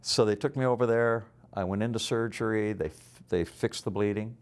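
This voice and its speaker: An older man, a business leader and guest, telling a personal faith story in an earnest, halting way. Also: lowish voice, steady tone, clean tone. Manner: earnest, halting testimony with restarts.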